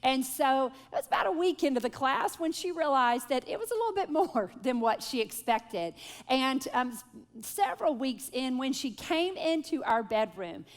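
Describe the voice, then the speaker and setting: A woman in her forties speaking to a moms' group, telling stories in an animated, self-deprecating way and leading a prayer. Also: sits high, normal speed. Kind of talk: live talk with prayer and storytelling. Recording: long hall reverb.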